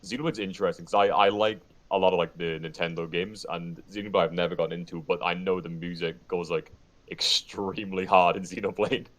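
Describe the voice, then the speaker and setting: Very deep-voiced man chatting casually. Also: fairly quick. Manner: relaxed, rambling, lists details. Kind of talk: casual podcast chat.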